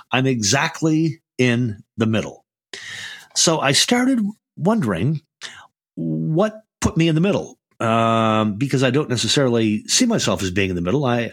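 A man's voice: on the low side, breathy edge, no room sound, clean studio sound. An older man hosting a podcast, telling stories in a casual way with many restarts and repeated words. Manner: storytelling, frequent restarts and stammered repeats. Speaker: podcast host.

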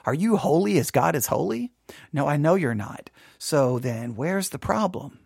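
A man teaches a Bible study with a lively, swinging pitch that leaps up and drops low. He is provocative and sarcastic, challenging his listeners directly. His voice is close and dry, with no room sound. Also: moderate pace, creaky, breathy edge, no echo.

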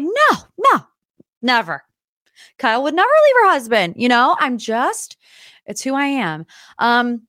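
A young woman talks through celebrity gossip in a chatty, animated way as host of a casual show. Her voice sits at a middle pitch. The recording is dry and close, with no room sound. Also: no echo. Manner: chatty and animated, with dramatic asides. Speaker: podcast host. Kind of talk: casual pop-culture gossip chat.

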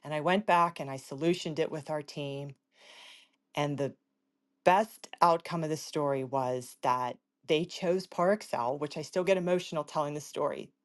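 A woman with a low voice tells a personal story as a patient advocate on a panel. She talks in an animated way and acts out the people in the story with sudden leaps in pitch. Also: normal speed.

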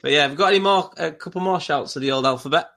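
A man's voice: on the high side, rapid-fire, creaky, fairly bright tone. Rambling chatty man telling football stories. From not from Newcastle. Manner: rambling, filler-heavy storytelling. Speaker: podcast co-host. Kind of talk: casual chat.

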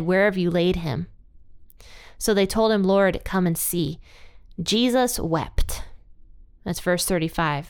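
A woman's voice: mid-range voice, smooth. A woman hosting a Bible study podcast, talking through a passage in an earnest, reflective way. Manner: earnest and reflective, with frequent restarts. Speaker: Bible teaching podcast host. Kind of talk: casual Bible study talk.

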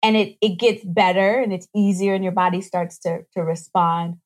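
Animated woman guest talking nutrition. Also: on the low side. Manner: animated, acts out voices in quick asides. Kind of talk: casual podcast conversation.

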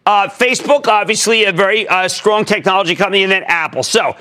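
An older man hosting a finance call-in show, excitable and emphatic in rapid-fire bursts. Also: high voice. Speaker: TV stock market show host.

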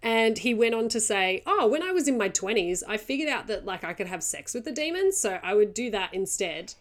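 A woman's voice: mid-range voice, sing-song, fairly quick. A woman co-hosting a podcast in casual chat, reading listener stories aloud and often breaking into giggles. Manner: giggly, chatty, digresses. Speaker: podcast co-host.

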